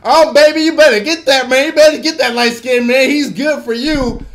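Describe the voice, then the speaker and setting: A man's voice: extremely high pitch, steady tone, normal speed, a bit bright. Madea, a man putting on a sassy older matriarch. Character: sassy older matriarch woman giving advice.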